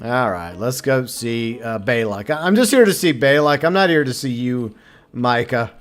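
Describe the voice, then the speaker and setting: A man's voice: mid-range voice, animated, normal speed, soft background music. A man from Minnesota giving casual, joking commentary as he streams a game, swearing freely.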